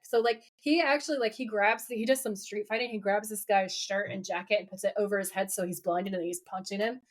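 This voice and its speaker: A woman co-hosting a podcast, telling a TV episode as an animated story, acting out characters' lines and laughing often. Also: mid-range voice. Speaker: podcast co-host. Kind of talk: casual recap chat.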